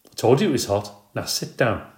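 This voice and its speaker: A man voicing a bossy, fed-up young girl, the eldest sister, in a sharp, scolding way. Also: mid-range voice, big pitch swings, a little fast, close to an everyday voice. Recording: roomy echo.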